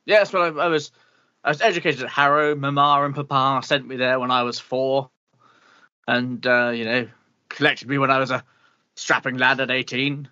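A man's voice: mid-range voice, steady tone, moderate pace, sharp tone, no room sound, dull audio, lightly acted. A man playing a pompous, bitter older meteorologist with an upper-class English accent, blustering and grumbling in an improvised comedy interview. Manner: blustering, grumbling, swears mildly.

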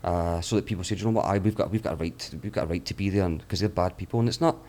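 A young man with a low voice talks at a racing pace as a travelling guest on a podcast. He's an animated storyteller, swearing freely while he recounts travel stories and acts out quotes from the people he met in this casual podcast chat.

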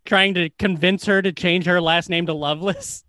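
High-voiced man rambling with laughs. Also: fairly even intonation, moderate pace, bright, forceful tone, no echo, studio quality. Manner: rambling, laughing, filler-heavy. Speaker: podcast co-host. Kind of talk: casual comedic chat. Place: home living room.

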